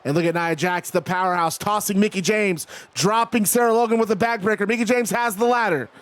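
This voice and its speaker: A man with a high, cracking voice calls wrestling game action play-by-play from his streaming desk. He is excitable and chatty, and he keeps breaking off to talk to his live chat. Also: a little fast. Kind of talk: play-by-play commentary.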